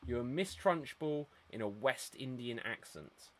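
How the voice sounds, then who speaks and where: A man hosting an online improv show over a video call, brisk and chatty, laughing often. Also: medium pitch, animated.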